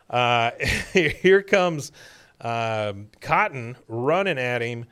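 A man's voice: medium pitch, lively intonation, very slow, a bit bright, clean tone. A man co-hosting a podcast, casually retelling an episode in a rambling, filler-heavy way. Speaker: podcast co-host.

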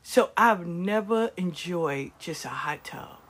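Her voice is fairly low, breathy and slow, with lively intonation. This older woman, grandmother of nine, gives casual, passionate life advice in a storytelling monologue, frequently dropping to a whisper.

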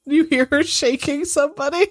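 A woman running a tabletop game, narrating in a slow, amused, casual way. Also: high-pitched, steady tone. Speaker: game master.

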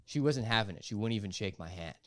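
A young man, a stand-up comedian, telling a profane story in animated casual podcast talk. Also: fairly low pitch, fast, dry recording, studio quality.

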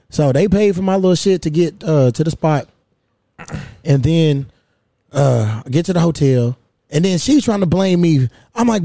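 A man in his thirties hosting a casual podcast, telling a story in a lively, profane way. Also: on the high side, moderate pace, no echo, clean studio sound. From United States. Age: 30s. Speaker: podcast host.

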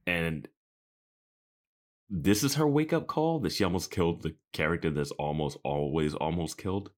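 A man's voice: low-pitched, expressive, normal speed. A man co-hosting a podcast, giving sarcastic, opinionated commentary in casual chat. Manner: sarcastic, opinionated, trails off softly. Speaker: podcast co-host.

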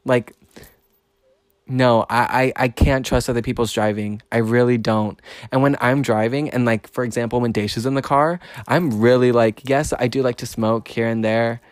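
A man hosting a podcast, telling a personal story in a casual monologue, blunt and profane, his voice rising in pitch when he gets fired up. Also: fairly even intonation, moderate pace, no echo. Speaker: podcast host.

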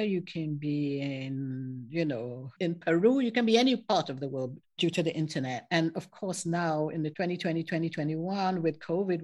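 Older Caribbean-raised woman guest, reflective and easygoing, lowish pitch. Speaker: podcast guest. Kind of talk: conversational interview.

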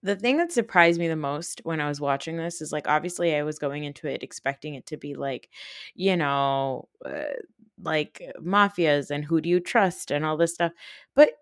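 A woman in her thirties with a New Jersey accent, hosting a podcast in animated, casual chat full of fillers and swearing. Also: sits low, moderate pace, dry recording, studio quality. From North Jersey, USA. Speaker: podcast host.

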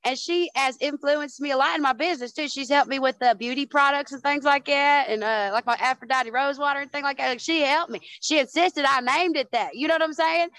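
A woman's voice: high-pitched, fairly quick, hardly any pauses, fairly bright tone, dry recording, low-quality recording. A woman guest in a casual chat, telling stories with lots of swearing and calling the listener "honey" and "dude". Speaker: podcast guest.

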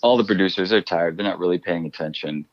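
A middle-aged actor telling stories in a casual interview, animated and quick to laugh. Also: male voice, sits low, highs cut off. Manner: animated storyteller, laughs often. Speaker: actor guest.

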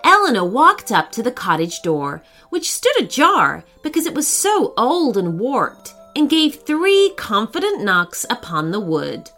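A woman narrating a children's story in a gentle, expressive reading voice. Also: a little high, unhurried, hardly any pauses, soft background music.

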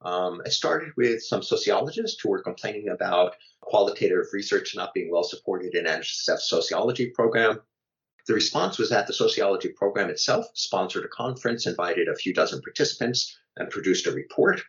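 A man, an author and guest, giving measured academic answers in an interview, with fillers and restarts. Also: fairly low pitch, animated, fairly bright tone, dull audio.

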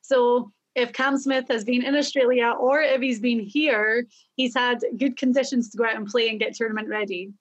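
A woman's voice: a little high, steady tone, moderate pace, dull audio. A woman hosting a casual golf betting chat, upbeat as she reads out stats and runs the segment. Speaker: golf show host.

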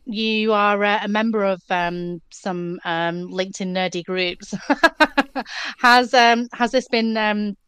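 Woman co-host, very smooth voice, dry close sound, hesitant. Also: medium pitch, slow pace, fairly bright tone, no echo. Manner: hesitant, full of ums and uhs. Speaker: podcast co-host. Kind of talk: casual podcast chat.

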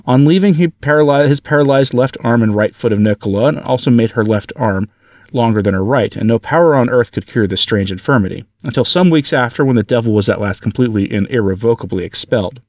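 A man narrating a religious account in a measured, solemn reading style. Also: medium pitch, darkish tone, no echo, studio quality. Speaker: podcast reader. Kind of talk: scripted narration of a religious story.

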